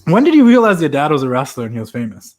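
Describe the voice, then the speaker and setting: A Canadian man hosting a casual interview, excitable and rambling, laughing through his asides. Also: a little high, very fast. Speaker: podcast host.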